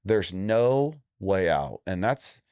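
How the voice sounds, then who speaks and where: With big pitch swings, this Indiana MMA coach in his forties talks slowly in a smooth, slightly mellow voice, recorded dry at studio quality. As a guest in a candid interview, he's blunt and emphatic and acts out quoted lines with jumps in pitch.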